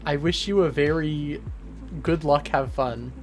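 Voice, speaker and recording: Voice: medium pitch, measured pace, faint music behind. A streamer chatting casually with a live audience, goofy and rambling, with lots of fillers. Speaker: streamer answering chat. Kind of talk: casual livestream chat.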